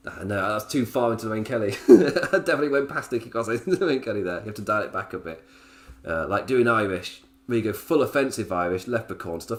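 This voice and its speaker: Male podcast host, casual and rambling, laughs often, very animated delivery. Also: lowish voice, fast. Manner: rambling, laughs often between points, goes off on tangents. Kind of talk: casual solo review podcast.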